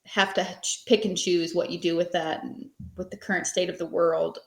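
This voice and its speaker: A woman's voice: fairly low pitch, level tone, normal speed, creaky. Chatty woman telling her story. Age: 30s. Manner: rambling and conversational, with many fillers. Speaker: podcast guest, small business owner. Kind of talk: casual interview storytelling. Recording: echoey room.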